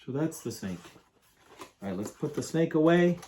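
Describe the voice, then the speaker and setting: A man reviewing perfumes in a casual, enthusiastic, rambling way, often pausing to read product descriptions aloud. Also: on the high side, lively intonation, noisy background.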